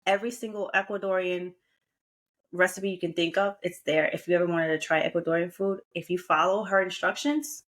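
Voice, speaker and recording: A woman co-hosting a podcast in casual chat, teasing her co-host with quick, laughing asides. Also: lowish voice, steady tone, a bit bright.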